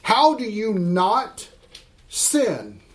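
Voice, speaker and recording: A middle-aged man with a high voice leads a Bible class. He reads scripture slowly and with stress, then quizzes his students in an emphatic, teacherly way. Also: wildly swooping pitch, a bit bright, slight background noise.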